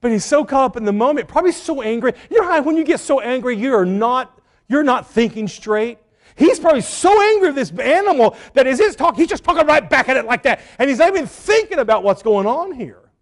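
A pastor preaches a sermon in a very high-pitched voice at a brisk clip. He retells a story with animation, acting out the quoted lines.

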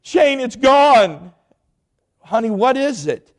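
A man voicing his panicked young wife, frantic and wailing high on the phone. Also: very animated, moderate pace.

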